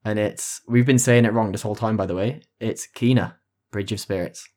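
A man chatting casually on a gaming podcast, his voice sitting fairly low. He talks with enthusiasm and rambles as he explains things. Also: steady tone, a little fast, a little mellow. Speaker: podcast co-host.

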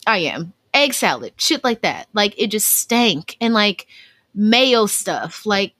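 A woman co-hosting a podcast, chatting casually with blunt, profane, animated storytelling. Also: mid-range voice, takes it slowly, dry recording, studio quality. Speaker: podcast co-host. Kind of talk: casual chat.

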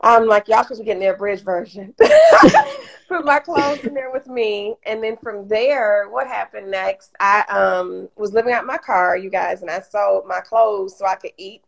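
A woman's voice: mid-range voice, moderate pace, gravelly, slight background noise. A woman from Detroit, a guest on an interview show, telling her story casually and animatedly, acting out what others said. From Detroit, Michigan. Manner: animated, acts out quoted voices. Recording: IG Live stream audio.

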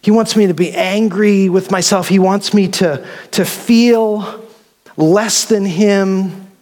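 Male pastor, high voice, lively casual sermon with humor, recorded in a reverberant hall. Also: takes it slowly. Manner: animated and conversational, with humor.

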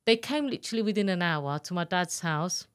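A woman's voice: fairly low pitch, animated, fairly quick, clear, resonant tone. A woman telling her own story in an interview, candid and earnest, acting out the voices of people she quotes. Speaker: guest, abuse survivor telling her story. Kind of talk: emotional personal storytelling.

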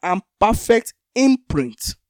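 A man's voice: high-pitched, big pitch swings, takes it slowly, a little mellow, dry recording, studio quality. A man co-hosting a Bible teaching talk, explaining scripture with everyday comparisons.

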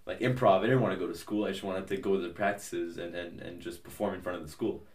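A man's voice: low-pitched, fairly even intonation, fast, reverberant, far from the mic. A young man as a podcast guest, chatting casually in a rambling, hesitant way with many fillers and restarts. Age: young adult. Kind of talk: casual interview chat.

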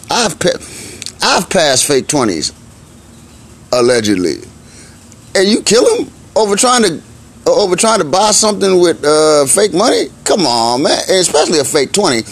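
A man delivering a blunt, profane comic rant in slangy casual speech, often climbing into exasperated outbursts. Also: medium pitch.

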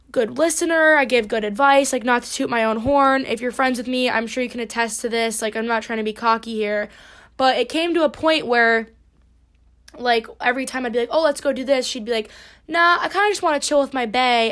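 A young woman in her twenties talks through a solo podcast in a high, bright-pitched voice. She is blunt and animated, swearing freely as she makes her points. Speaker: podcast host. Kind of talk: casual solo podcast chat.

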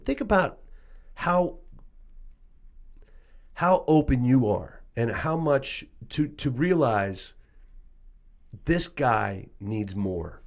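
A man's voice: medium pitch, sing-song, extremely slow, long pauses. A man co-hosting a casual podcast chat about coaching, speaking earnestly and agreeing emphatically.

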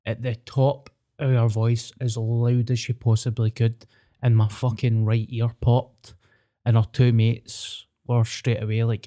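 A man's voice: mid-range voice, flat delivery, measured pace, warm tone. Sweary glaswegian man telling a story. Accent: Scottish, Glasgow. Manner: sweary, storytelling, self-mocking. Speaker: podcast co-host. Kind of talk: casual chat.

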